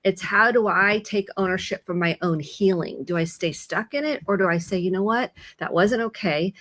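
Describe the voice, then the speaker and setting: A middle-aged woman therapist giving calm, reassuring advice in conversation, slowing down as she coaches. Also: mid-range voice.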